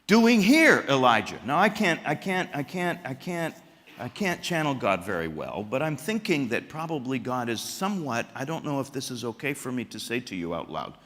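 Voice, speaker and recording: A man preaching a chapel sermon, animated and questioning the audience, with stammered restarts and sudden jumps in pitch and loudness. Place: large chapel hall. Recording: echoey hall.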